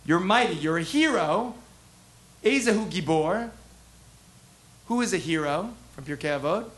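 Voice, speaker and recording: A man teaching a text class as a rabbi, animated, asking the class questions and acting out the prophets' voices. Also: sits high, unhurried. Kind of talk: interactive text lesson.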